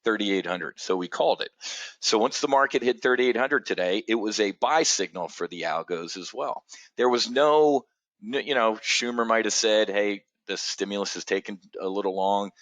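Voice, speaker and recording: Deep-voiced blunt male market commentator. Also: normal speed, fairly bright tone, no echo. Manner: blunt, opinionated, rambling with fillers. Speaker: options trading show host.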